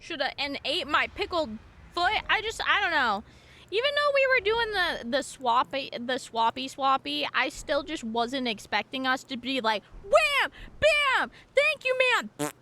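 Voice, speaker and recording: A woman's voice: high-pitched, animated, moderate pace, pushed and bright. A woman streamer chatting casually and playfully, gushing about her dog and swearing now and then. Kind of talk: casual live-stream chat.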